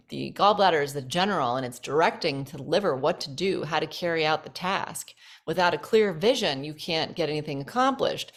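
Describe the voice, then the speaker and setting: A woman with a notably low-pitched voice hosts a relaxed health chat. She talks listeners through practical tips in an instructive, list-like way. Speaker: host.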